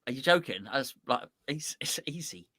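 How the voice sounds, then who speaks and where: A man's voice: mid-range voice, lively intonation, normal speed, bright, forceful tone, no room sound, studio quality. A man, co-hosting a casual chat in a playful, rambling way, with plenty of ums. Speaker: co-host.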